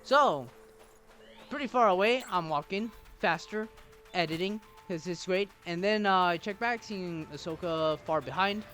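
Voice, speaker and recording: A man's voice: high voice, measured pace, bright, forceful tone. A man giving exasperated, self-mocking gameplay commentary, mixed with his own put-on voices for game characters. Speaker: gaming YouTuber. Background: game music.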